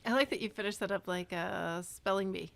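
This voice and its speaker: A woman's voice: mid-range voice, a little fast, vocal fry, a bit bright. A woman guesting on a podcast, chatty and giggly in casual conversation. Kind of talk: casual chat.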